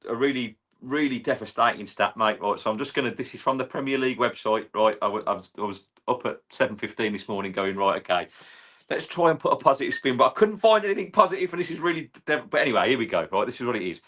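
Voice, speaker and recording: A man's voice: mid-range voice, fairly bright tone. An English man co-hosting a football fan channel, matey and enthusiastic in casual chat.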